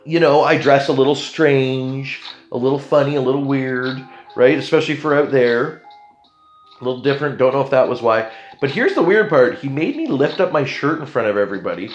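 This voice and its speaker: Animated Canadian man telling a story. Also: mid-range voice, a little fast, roomy sound, faint music behind. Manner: animated, jumps into other people's voices. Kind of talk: casual storytelling to camera.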